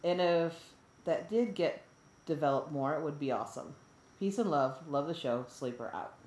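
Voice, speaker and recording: A woman co-hosting a casual podcast, laughing often and turning animated when she jokes while she reads out listener mail. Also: low-pitched, moderate pace, a little hiss or hum. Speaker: podcast co-host reading listener email. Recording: roomy echo.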